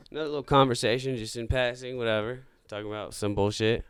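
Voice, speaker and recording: A man's voice: medium pitch, fast talker, smooth, no echo, studio quality. Foul-mouthed man spinning a story. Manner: loose, profane, animated retelling with quoted dialogue. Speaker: podcast host. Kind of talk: casual storytelling.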